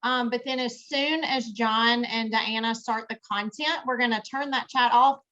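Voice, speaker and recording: A woman hosts a webinar in a bright, upbeat way and laughs easily between her notes to the audience. Her voice sits somewhat high, and the call audio sounds a bit dull. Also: fairly even intonation, moderate pace. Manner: upbeat, laughs often, says "y'all". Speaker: webinar host. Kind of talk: casual chat. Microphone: video call microphone. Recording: muffled video call audio.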